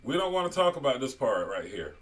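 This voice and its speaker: A man's voice: mid-range voice, sing-song, fast. Man reading comments on his channel. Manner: conversational, reads viewer comments aloud. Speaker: host. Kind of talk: online commentary.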